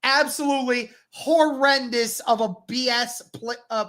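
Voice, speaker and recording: Slow-talking woman reacting to live football. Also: fairly high pitch. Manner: animated, exasperated fan reactions addressed to chat. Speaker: live watch-along host. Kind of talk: live play-by-play reaction stream.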